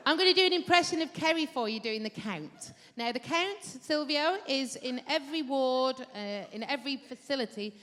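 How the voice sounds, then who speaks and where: This woman comedian works the crowd at a big live theatre, ribbing audience members with brash banter. Her high, slightly bright voice moves lively at a moderate pace, with hardly any pauses. The recording carries the hall's reverb and bursts of audience laughter.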